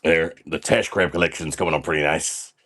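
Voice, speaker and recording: With a very deep, steady, slightly bright voice and a fairly quick pace, a man plays a crude, boastful party dude on a comedy livestream, reading chat. He's brash and swaggering, tacking "man" onto almost every sentence.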